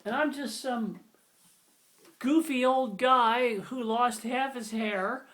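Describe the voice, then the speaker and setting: A man's voice: very high voice, slow, fairly bright tone. A man in his sixties giving a casual, rambling video lesson on grammar, self-deprecating and full of fillers and restarts. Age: 60s. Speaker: video lecturer.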